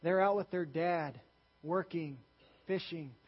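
A man's voice: on the high side, takes it slowly, breathy edge. A young man preaching a sermon as a youth pastor, emphatic and passionate, often restarting his sentences. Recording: dull sound with long reverb in a large hall.

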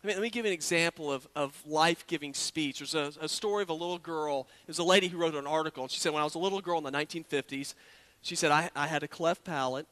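A man's voice: fairly high pitch, fast talker, a bit bright. A man preaching a sermon in an earnest, conversational way, often repeating words as he builds a point. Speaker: pastor.

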